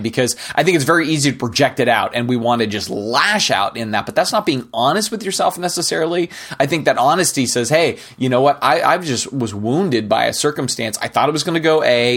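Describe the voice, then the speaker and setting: A man's voice: medium pitch, fairly bright tone. A middle-aged man hosting a podcast, giving an earnest, conversational Christian teaching that often ends points with "right?". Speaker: podcast host. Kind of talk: casual Christian teaching monologue.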